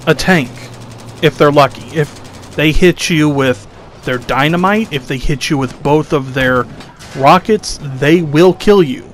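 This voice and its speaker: A man's voice: fairly high pitch, slight background noise. A young man doing sarcastic, exasperated commentary over gameplay footage, mocking his critics. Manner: exasperated, sarcastic, mocks critics in whiny voices. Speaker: gaming commentator.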